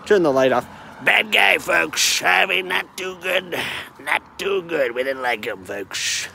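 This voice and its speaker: A man with a high, wildly swinging voice and a gravelly edge, riffing aloud as he walks along an outdoor road. He jumps between offhand jokes and goofy put-on voices in one loose stream. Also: lively intonation, slow, pushed and bright, slight background noise. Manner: improvised, jumps into silly impressions. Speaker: vlogger. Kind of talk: rambling comic monologue while walking.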